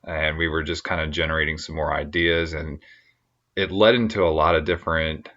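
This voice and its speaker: A man with a very low voice co-hosts a podcast in relaxed, easygoing chat. The sound is a little dull and lo-fi. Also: brisk. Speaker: podcast co-host. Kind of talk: casual chat.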